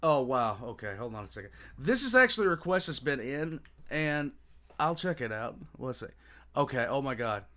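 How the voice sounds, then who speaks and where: A man's voice: mid-range voice, very animated, normal speed, sharp tone. A man hosting a casual reaction livestream, exclaiming a lot and chatting with viewers.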